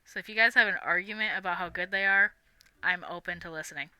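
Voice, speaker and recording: A woman's voice: on the low side, fast, bright, forceful tone, clean tone, no echo. A young woman live-streaming, chatting casually in a rambling, giggly way with lots of fillers. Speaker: livestream host.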